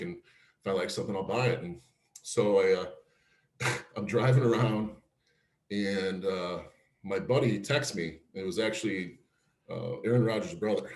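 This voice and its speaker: A former pro pitcher from Cleveland telling career stories in a casual interview, laughing often and acting out quotes. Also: male voice, normal speed, reverberant. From Cleveland, Ohio. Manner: animated storyteller, laughs often, acts out quotes.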